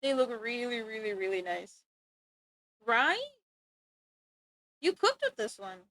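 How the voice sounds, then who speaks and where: A woman talks casually to her livestream chat, bubbly and quick to laugh. Her voice sits high and bright. The sound is close and dry. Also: sing-song, no echo. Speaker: art streamer.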